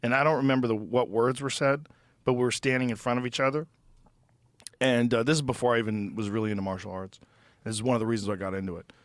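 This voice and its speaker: A man's voice: mid-range voice, fairly even intonation, fast, no room sound. Man host chatting, dry studio sound. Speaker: podcast host. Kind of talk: casual conversation. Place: podcast studio.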